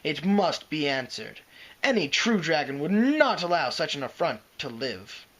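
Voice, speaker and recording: A man's voice: a little high, big pitch swings, a little slow, fairly bright tone, exaggerated voice, rough recording. A man voicing a huge, scornful male green dragon who mocks and snarls. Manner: mocking, snarling, growling.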